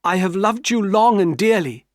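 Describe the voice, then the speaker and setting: A man's voice: high-pitched, expressive, moderate pace, no room sound, pitched above the performer's own voice. A man voicing an earnest, heartbroken young man who pleads with trembling emotion, in a dry storybook reading. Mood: pleading.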